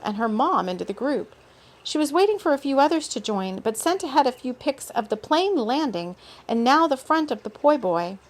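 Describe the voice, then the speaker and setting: A woman reading her own story aloud in a relaxed way, stopping now and then for unscripted asides. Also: a little high. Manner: relaxed, with off-script asides and laughs.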